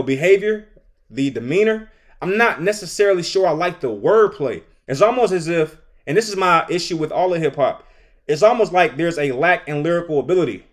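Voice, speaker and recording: A middle-aged man hosting a podcast, delivering an animated, opinionated solo commentary and laughing between his points. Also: fairly high pitch. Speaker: podcast host.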